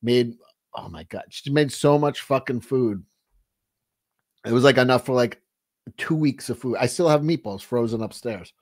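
A man's voice: medium pitch, normal speed, pauses often, darkish tone. A man hosting a casual livestream, talking in a rambling, profane way with many restarts, and reading out viewer chat. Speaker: livestream host.

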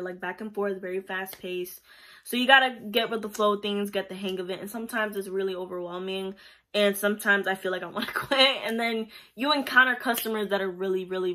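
A woman's voice: mid-range voice, a little fast, bright, forceful tone. A young woman talking casually about her job as a pharmacy technician, chatty and rambling with lots of fillers. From Puerto Rico. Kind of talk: casual vlog storytelling.

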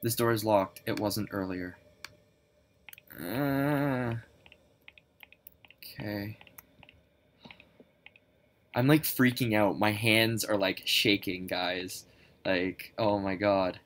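A young woman playing a horror game, panicky and swearing a lot, swinging from low mutters to high shrieks. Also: extremely slow, pauses often. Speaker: gaming channel host. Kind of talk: horror game let's play commentary.

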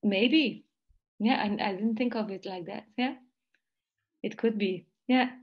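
A woman's voice: medium pitch, unhurried, lo-fi sound. A Belgian woman who teaches jazz voice, speaking English in an online interview and analyzing singing technique in a thoughtful, careful way. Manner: thoughtful, analytical, light laughs between points. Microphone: video call.

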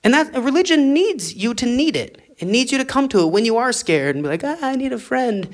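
A man's voice: extremely high pitch, big pitch swings, a little fast. A man doing a stand-up comedy set, rambling through absurd ideas and chuckling at his own jokes.

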